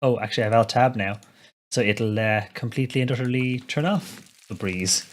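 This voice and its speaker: A man's voice: mid-range voice, a little fast, slight background noise. Easygoing Dublin-accented man streaming a game. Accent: Dublin Irish. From Ireland. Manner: chatty and easygoing, laughs often, answers chat messages. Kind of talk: live gameplay commentary, chatting with viewers. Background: music.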